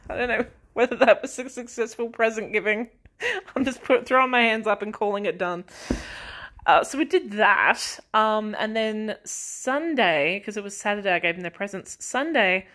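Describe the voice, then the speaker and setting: A woman's voice: mid-range voice, a bit bright. Chatty young woman. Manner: chatty, rambling, laughs and sighs often. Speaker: podcast host. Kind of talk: casual chat.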